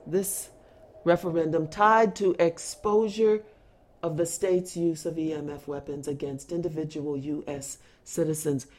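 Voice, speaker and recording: A woman giving an impassioned spoken address, earnest and deliberate, pausing often and restarting phrases. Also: on the low side, a little mellow.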